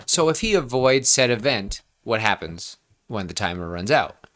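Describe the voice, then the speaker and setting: A man in his twenties co-hosting a podcast, brainstorming in a rambling, excitable way with lots of restarts. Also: on the low side, normal speed. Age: 20s. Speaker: podcast co-host. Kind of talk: casual brainstorming chat.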